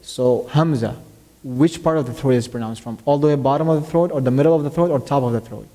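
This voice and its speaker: A man talks quickly in a medium-pitched voice while teaching tajweed in a mosque classroom. Step by step he explains, recites short verses in Arabic, and puts questions to his student, his warm, mellow tone echoing with long hall reverb.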